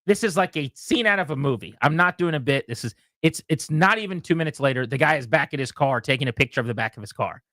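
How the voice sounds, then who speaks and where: A man hosting a radio show, telling a story in a casual, animated way and acting out the voices of the people in it. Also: a little high, fast talker, hardly any pauses, no echo, clean studio sound.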